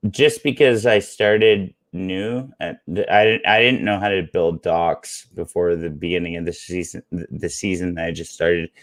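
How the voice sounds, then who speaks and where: Low, laid-back man. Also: fairly even intonation, normal speed, hardly any pauses, dry recording, studio quality. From Canada. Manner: laid-back, laughing, easygoing. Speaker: guest co-host. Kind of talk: casual chat.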